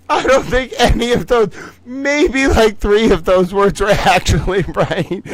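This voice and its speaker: A man's voice: high-pitched, no echo. A man hosting a casual live-stream trivia game, playful and chatty, laughing often between phrases and chatting to his toys. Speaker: livestream host running a trivia game.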